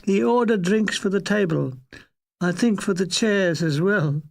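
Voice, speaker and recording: An older man reading a comic memoir aloud with dry, deadpan wit. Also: sits high, unhurried, vocal fry. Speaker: narrator.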